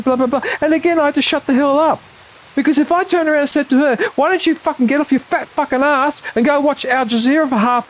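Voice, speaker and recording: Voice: mid-range voice, rough recording. Swearing, indignant Australian vlogger. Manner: indignant, swearing often, repeating points. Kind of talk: angry monologue to camera.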